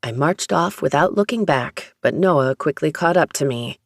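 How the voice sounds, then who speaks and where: An audiobook narrator reading a first-person romance story in a steady, even storytelling manner. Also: mid-range voice, moderate pace, vocal fry, no echo, clean studio sound.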